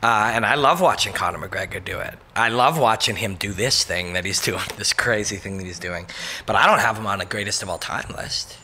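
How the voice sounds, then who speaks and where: A man's voice: fairly low pitch, brisk, sharp tone, slight background noise. A man hosting a casual motivational monologue, rambling and emphatic, with frequent swearing and brief mocking voices for quotes. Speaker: host.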